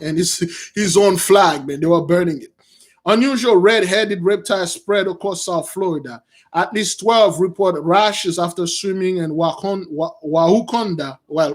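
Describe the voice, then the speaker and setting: High-pitched guy riffing on news stories, calls everyone brothers, all over the place. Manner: rambling, animated, addresses listeners as brothers. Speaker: channel host. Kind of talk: casual religious news commentary.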